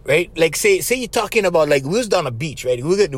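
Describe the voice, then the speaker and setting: A man with a Hawaiian Pidgin English accent, hosting a podcast and telling stories in a loose, animated way that is full of laughs. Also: on the high side, fast talker. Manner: animated, laughing often, acts out voices, says "right?" after phrases. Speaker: podcast host. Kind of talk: casual storytelling monologue.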